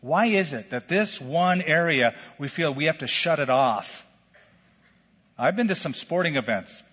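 A middle-aged male pastor preaching a sermon in a lively, conversational way, full of questions to the congregation. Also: a little high, unhurried, husky. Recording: lo-fi sermon recording with long hall reverb.

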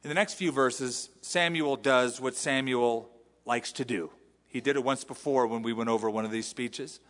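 A male pastor giving an animated sermon, acting out the quotes he reads. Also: medium pitch, moderate pace, long reverb tail. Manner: animated preaching with acted-out quotes. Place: church sanctuary.

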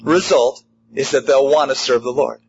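A man preaching a sermon in an emphatic, animated way, driving home a repeated refrain. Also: mid-range voice, normal speed, highs cut off, slight background noise. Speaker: pastor.

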